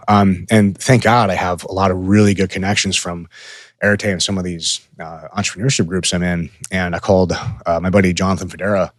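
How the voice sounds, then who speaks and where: A man's voice: low voice, brisk, no room sound, studio quality. A man in his thirties, co-hosting a podcast, telling a hard business story in a casual, profane way and acting out his own past words. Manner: profane, candid, animated when quoting himself. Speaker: podcast co-host.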